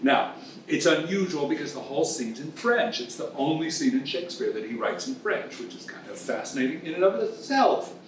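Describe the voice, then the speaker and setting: A man's voice: on the high side, sing-song, fairly quick, far from the mic, slight background noise. Man, comic lesson host, bawdy and teasing, echoey room, a little off the mic.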